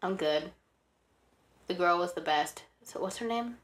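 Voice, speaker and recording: A woman co-hosting a podcast in casual chat, playful and quick to laugh. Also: fairly low pitch. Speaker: podcast co-host.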